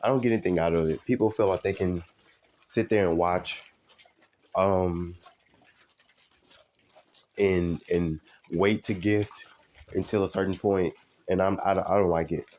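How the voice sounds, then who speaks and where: A man live streaming, talking casually to his viewers in a halting way, full of ums and restarts. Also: deep voice, fairly even intonation, darkish tone. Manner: halting, many fillers and restarts.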